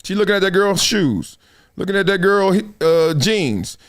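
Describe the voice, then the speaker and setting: A man hosting a live sports talk show, giving opinionated commentary in a slangy, animated manner and laughing often. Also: sits high, measured pace.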